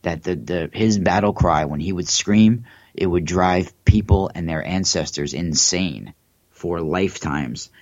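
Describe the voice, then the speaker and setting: This low-voiced man talks at a measured pace in a loose livestream monologue, stumbling through restarts and plenty of filler words. The audio is dry and dull.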